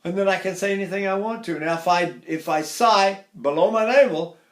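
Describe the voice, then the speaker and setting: Older man, high voice, echoey room. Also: brisk. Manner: demonstrates by sighing and singing phrases high. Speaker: voice teacher. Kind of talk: vocal technique lesson.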